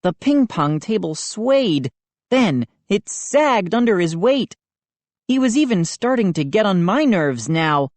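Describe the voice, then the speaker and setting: A woman reading a children's audiobook aloud at a slow, steady pace, her pitch moving lively through the lines. The reading is dry and close, with no room sound. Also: dry recording. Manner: expressive, unhurried reading. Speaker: audiobook reader. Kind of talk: scripted audiobook narration.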